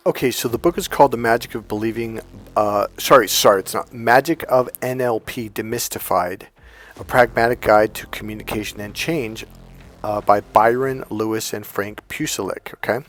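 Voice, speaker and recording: A man's voice: fairly low pitch, moderate pace, a bit bright. A man giving a casual motivational talk as a relationship coach, retelling conversations in a chatty, conversational way. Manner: conversational, retells exchanges in quoted dialogue.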